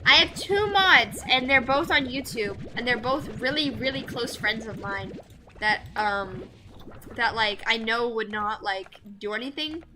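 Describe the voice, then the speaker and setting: A young female VTuber streams a game in an unhurried, high, bright, pushed voice against slight background noise. She rambles casually to her viewers, with plenty of fillers.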